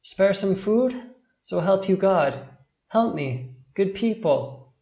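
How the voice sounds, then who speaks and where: A man voicing a frightened, hungry little orphan girl, raising his voice thin and shrill for her. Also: lively intonation, takes it slowly, mellow, roomy sound, muffled recording, heavily acted. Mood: pleading.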